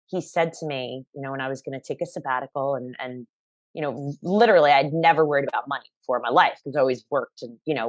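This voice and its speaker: A woman fitness instructor as an interview guest, talking in an energetic, emphatic, upbeat way over a remote call. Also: a bass voice, dry recording, muffled recording. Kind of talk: conversational interview.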